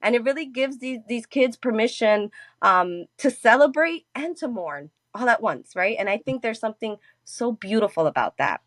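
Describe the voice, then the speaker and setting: A woman's voice: a little high, animated, normal speed, dry recording. Guest speaker, woman, earnest and chatty, keeps checking in with "right?", close dry mic. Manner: warm, earnest, often adds "right?" and "you know". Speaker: guest from a grief support nonprofit. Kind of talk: conversational interview.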